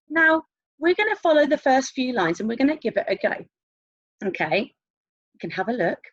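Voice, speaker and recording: A woman teacher leads a young children's music lesson over a screen share, her voice pitched on the high side and swooping up and down as she cheers them on. The recording is dry and a little dull and lo-fi. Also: no room sound. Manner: animated, encouraging, sing-song questions. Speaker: primary school teacher.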